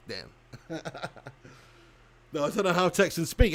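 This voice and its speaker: A man's voice: sits high, normal speed, long pauses, a bit bright. Chatty Englishman hosting a live stream. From England. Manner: chatty, jokey, reads viewer comments aloud. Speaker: football watch-along host. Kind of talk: live-stream chat and shout-outs.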